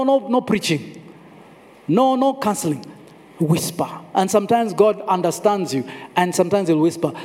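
A man's voice: high-pitched, a little mellow. A man preaching a sermon, telling the story dramatically, acting out the voices and repeating phrases for emphasis. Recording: long hall reverb.

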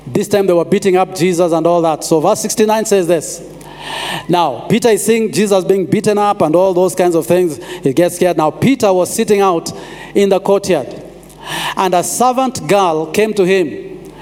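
Man, pastor preaching, high voice, repeats phrases, long hall reverb. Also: moderate pace, a little mellow. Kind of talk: sermon.

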